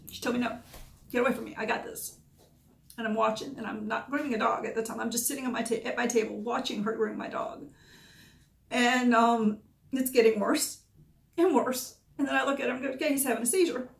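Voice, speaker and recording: A woman's voice: a little high, steady tone, fairly quick, creaky. A woman, a dog groomer candidly recounting past events in short, emotional bursts. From Georgia, USA. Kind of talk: personal storytelling. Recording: echoey room.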